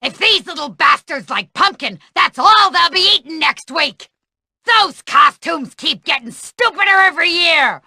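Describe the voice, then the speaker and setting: An actress voicing a crude, grumpy older woman who cooks for a school, yelling at children in a rough, coarse way. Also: very high voice, animated, measured pace, no echo, heavily acted. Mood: grumbling. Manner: coarse, grouchy, yelling at kids. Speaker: school cafeteria cook.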